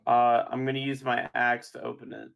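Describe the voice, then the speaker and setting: A man's voice: medium pitch, flat delivery, moderate pace, gravelly, dull audio. A man playing a tabletop game, giving short, hesitant replies. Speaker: player. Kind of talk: casual tabletop play.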